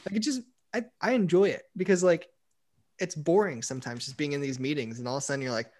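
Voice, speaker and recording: A young man in casual chat, telling animated stories and saying "like" often. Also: fairly high pitch, fast talker. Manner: animated storyteller, acts out quotes, says "like" a lot. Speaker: university staff member.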